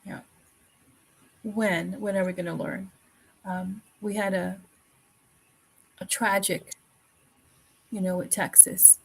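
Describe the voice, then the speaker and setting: Long pauses break up the slow, flat delivery of this female podcast host, whose mid-range voice is gravelly. In casual talk show chat, she speaks earnestly, repeats herself, and fills gaps with fillers, all on a slightly rough, low-quality recording.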